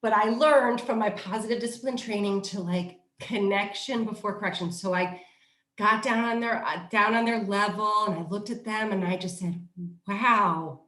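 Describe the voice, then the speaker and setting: A middle-aged woman sharing parenting advice as a trainer, talking at an ordinary pitch with lively storytelling. Her voice carries a noticeable roomy echo, as if recorded in a bare room. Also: moderate pace. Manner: animated storyteller who acts out quoted voices. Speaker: positive discipline trainer. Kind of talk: casual conversational advice.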